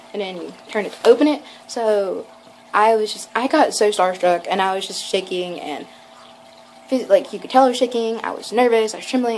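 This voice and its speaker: Young woman vlogging, rambly and gushy, says like a lot, bit of quiet background hiss. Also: medium pitch, rough recording. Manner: gushing, rambling, lots of "like" and acted quotes. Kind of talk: casual storytelling vlog.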